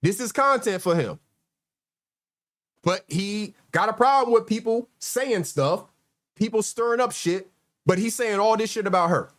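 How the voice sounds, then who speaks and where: Man, host, sarcastic commentary, exasperated, high voice. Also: a little slow, a bit bright. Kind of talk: livestream commentary.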